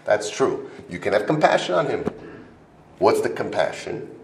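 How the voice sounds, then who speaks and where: A middle-aged man teaching a Torah class, his voice sitting on the low side as he presses each point and says the important lines twice. He slips into the voices of the people in his stories to act out their arguments. The sound bounces around a roomy hall. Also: very animated, moderate pace, vocal fry, slight background noise. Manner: emphatic, repeats key phrases, acts out quoted arguments. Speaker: yeshiva teacher. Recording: roomy echo.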